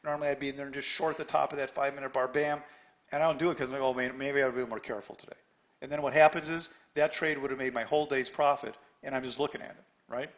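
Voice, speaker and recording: A man's voice: mid-range voice, vocal fry, a bit bright. A man teaching a trading lesson to a live online class, blunt and challenging, often tagging "right?" and stammering on restarts. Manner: talks straight to students by name, pushy and challenging. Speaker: trading instructor.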